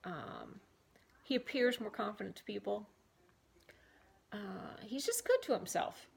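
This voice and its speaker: Woman with a gravelly voice leading affirmations. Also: mid-range voice, expressive, measured pace. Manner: reads aloud, then breaks off into rambling asides. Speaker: self-help vlogger. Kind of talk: reading and repeating affirmations to camera. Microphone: camera mic.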